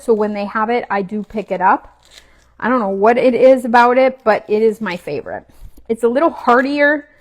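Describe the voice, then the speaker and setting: A woman with a slightly high voice chats her way through a home cooking demo. She talks loosely and casually as she works, and sometimes she is chewing. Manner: chatty, relaxed, talks while cooking and chewing. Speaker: cooking vlogger. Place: home kitchen.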